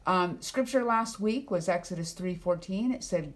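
A woman pastor giving a children's church lesson, explaining things in a friendly, simple way. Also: lowish voice. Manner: friendly, explains slowly to kids.

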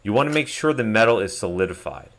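A man calmly narrating a step-by-step metal casting tutorial as a voice-over. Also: lowish voice, fast talker, a little hiss or hum. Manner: calm step-by-step explaining. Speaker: DIY metal casting channel host.

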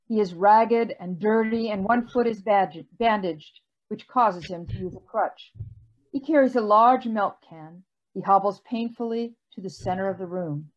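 A woman calmly reading stage directions in a play, recorded muffled. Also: mid-range voice.

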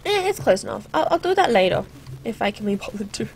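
A woman's voice: medium pitch, big pitch swings, fast, vocal fry, darkish tone, faint music behind. A teenage girl chatting through a gameplay video, rambling off on sarcastic little tangents. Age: teens. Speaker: gaming channel host. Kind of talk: casual gameplay commentary.

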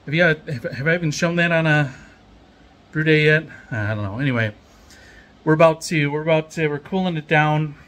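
A man's voice: on the high side, a little fast, fairly bright tone. A man casually vlogging his home brew day, rambling and playful, thinking aloud with many fillers. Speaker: homebrewing vlogger. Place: home brewery in Denmark during a heat wave.

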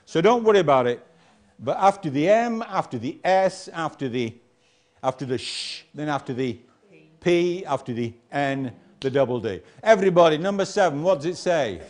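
A man's voice: fairly high pitch, lively intonation, moderate pace, darkish tone. A man teaching a phonics lesson, sounding out nonsense syllables one by one and calling on the class to answer. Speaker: reading teacher.

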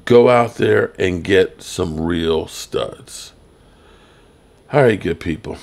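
A middle-aged man talks football on his own podcast in a blunt, rambling way. His voice sits a bit low, and he sounds worn out, as if it is late at night. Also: takes it slowly, gravelly. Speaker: sports podcast host. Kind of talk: casual solo commentary.

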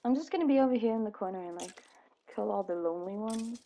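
A woman's voice: mid-range voice, expressive, quick pace, mellow. A young woman chattering to herself while playing a video game, giggling and exclaiming as things happen. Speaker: gaming video creator. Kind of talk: casual gameplay commentary.

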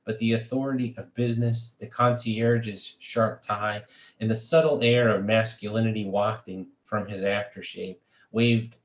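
A man reading his own fiction aloud at a steady, measured pace, now and then restarting a phrase. His voice sits low, and the room gives it a clear echo. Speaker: creative writing faculty reader. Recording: echoey room.

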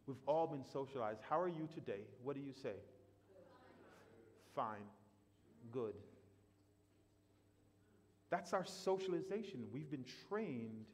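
A man preaching a sermon in a church, animated, surging loud for emphasis and then dropping quiet and slow. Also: mid-range voice, slight background noise. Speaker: pastor. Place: church sanctuary. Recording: long reverb of a church hall.

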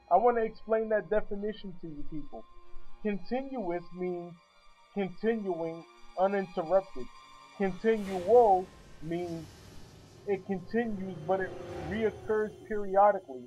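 A man's voice: sits high, unhurried, warm tone, faint music behind, poor audio. A man giving a chatty, rambling movie review with a sarcastic edge, sitting back from his microphone. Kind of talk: casual spoken movie review.

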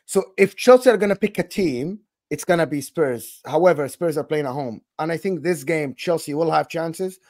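A man giving calm, methodical football match analysis as a fan pundit, repeating his key point. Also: on the high side, moderate pace, hardly any pauses, dry recording, clean studio sound.

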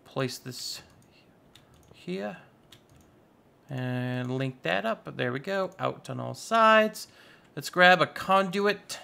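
A man's voice: a little high, animated, slow, gravelly, long pauses, pushed and bright. A man hosting a casual let's-play, narrating his moves in a playful, goofy, self-mocking way. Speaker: gaming channel host.

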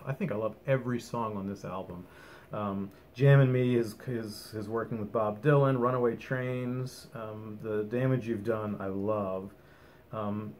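A man's voice: lowish voice, darkish tone, slight background noise. A man giving a casual, rambling album review at home, enthusiastic and full of ums and restarts. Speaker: music vlogger.

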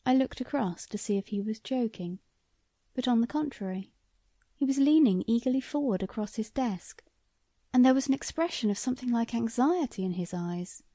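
Mellow woman narrating a classic story. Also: fairly high pitch, no echo. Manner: measured, even reading. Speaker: audiobook narrator. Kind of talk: scripted narration.

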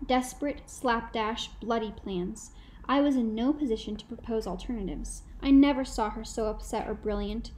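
A woman narrates a first-person novel as an audiobook, telling it in a measured, reflective way. Her voice sits somewhat high, and a faint background noise runs underneath. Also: a little mellow, poor audio.

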